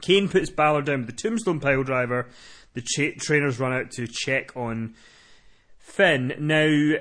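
A man recapping wrestling in casual podcast chat, animated and swearing. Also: mid-range voice, measured pace. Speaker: podcast co-host.

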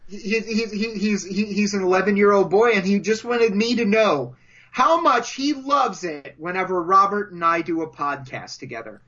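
Guy with a high bright voice rambling on a podcast, keeps stumbling over his words, kinda dull lo-fi sound. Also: moderate pace. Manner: rambling, stammering, repeats words. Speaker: podcast co-host. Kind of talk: comedic podcast banter. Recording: dull lo-fi audio.

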